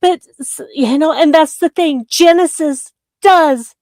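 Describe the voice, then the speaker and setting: A woman's voice: sits high, measured pace, darkish tone, dry recording, clean studio sound. Earnest, heartfelt woman co-host. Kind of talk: casual chat.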